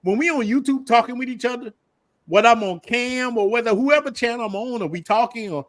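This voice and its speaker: A man's voice: very high-pitched, a little fast, dry recording. A man hosting a casual livestream chat, telling stories and laughing often. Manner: animated storytelling, laughs often. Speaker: host.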